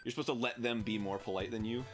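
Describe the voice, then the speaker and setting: A man's voice: mid-range voice, steady tone, fast, faint music behind. A man in a casual chat as a co-host, ranting and acting out exasperated quotes.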